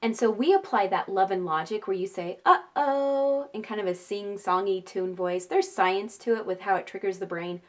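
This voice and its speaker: Woman, mom vlogger, casual advice talk, mid pitch, chatty with lots of tag questions and laughs. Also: steady tone, brisk, hardly any pauses. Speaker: parenting vlogger and mother.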